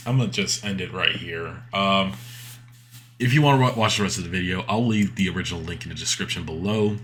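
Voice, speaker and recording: A man's voice: deep voice, pushed and bright. A man hosting a reaction channel, giving casual scornful commentary with hesitant, stammering restarts.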